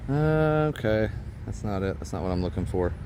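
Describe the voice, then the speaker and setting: A fairly low-voiced man from Indiana hosts a live stream while walking outdoors in a park. He rambles in a friendly, filler-heavy way and stops to greet viewers. Faint traffic hums in the background. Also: lively intonation, moderate pace. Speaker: livestream host. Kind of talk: casual live-stream tour talk.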